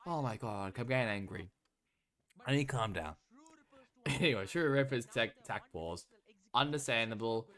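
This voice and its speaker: A man at a middle pitch reacting live to a match he is watching. He talks casually and bursts into loud, exasperated rants. He swears when he gets frustrated. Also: animated, moderate pace, pauses often. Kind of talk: live watch-along commentary.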